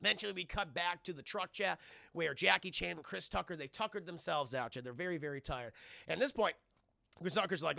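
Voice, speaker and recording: A man streaming live, recapping a movie scene by scene, animated and profane, acting out the scenes. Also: high-pitched, fairly quick, gravelly, no echo, clean studio sound.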